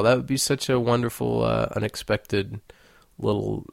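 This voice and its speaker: A man's voice: medium pitch, fairly even intonation, normal speed, gravelly, no echo, clean studio sound. A young man hosting his own podcast, talking in a playful, rambling, joking way. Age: young adult. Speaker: podcast host. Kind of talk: casual monologue.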